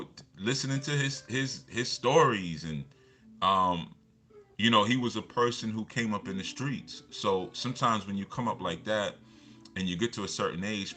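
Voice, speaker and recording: A low-pitched man with a sharp tone, a motivational speaker, tells personal stories in loose, casual talk. He rambles, restarts often and leans on the same fillers over and over.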